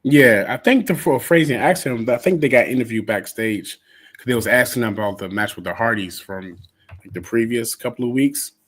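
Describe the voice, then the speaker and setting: A man's voice: mid-range voice, fairly quick, fairly bright tone, husky. A man co-hosting a casual wrestling review podcast, hesitant and repeating his words. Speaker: podcast co-host.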